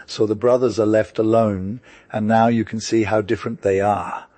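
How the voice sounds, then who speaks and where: A man's voice: fairly low pitch, flat delivery, normal speed, mellow, no echo. A man narrating a classic story in casual, slang-heavy modern words.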